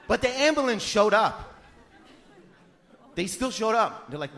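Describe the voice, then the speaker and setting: A man in his thirties doing a stand-up comedy set, telling animated stories and yelling out impressions of his family. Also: high voice, moderate pace. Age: 30s.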